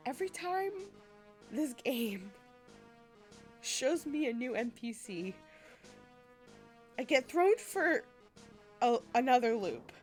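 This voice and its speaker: A woman's voice: on the high side, sing-song, slow, long pauses, soft background music. A young woman streamer chatting casually while playing a game and reading its text aloud. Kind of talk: let's play commentary.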